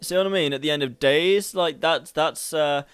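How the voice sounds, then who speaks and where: A man hosting a casual singing tutorial, energetic and rambling, often laughing at himself. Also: a little high, normal speed, clear, resonant tone, soft background music.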